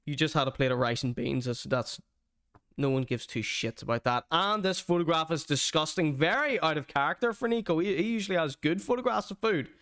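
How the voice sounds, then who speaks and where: A man's voice: fairly high pitch, brisk, a bit bright. A man hosting a streamed show, giving a mocking, theatrical comedic rant.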